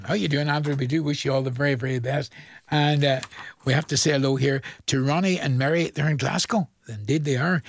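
His voice is mid-range, gravelly and husky: an older radio host with a Northern Irish accent, reading listener shout-outs in the studio. He's folksy and talkative, chuckling frequently, and the sound is dry and clean.

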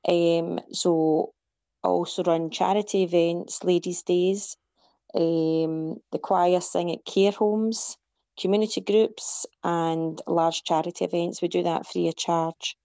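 A woman's voice: lowish voice, steady tone, slow pace, warm tone, no echo. A woman who runs a community choir, speaking earnestly over the phone and explaining things in plain steps. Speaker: choir founder and hairdresser. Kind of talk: phone interview. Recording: dull phone line.

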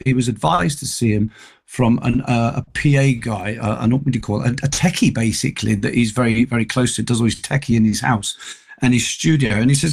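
A man chats as a radio guest, his voice at an ordinary middle pitch. He tells stories in a loose, anecdotal way, often restarting his sentences. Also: fairly quick, gravelly, slightly rough. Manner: chatty anecdotal storyteller, frequent restarts. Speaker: tribute act singer and guest. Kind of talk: casual radio interview chat.

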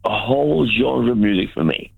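A man's voice: medium pitch, animated, moderate pace, vocal fry, husky, no room sound. A man calling in to a radio show, enthusiastic and stumbling over his words with many restarts. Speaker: caller. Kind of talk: phone-in chat. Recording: tinny phone line.

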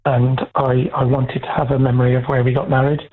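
Male caller, halting and hesitant, flat voice, tinny phone line. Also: mid-range voice. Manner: halting, hesitant, many fillers. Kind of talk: radio phone-in call.

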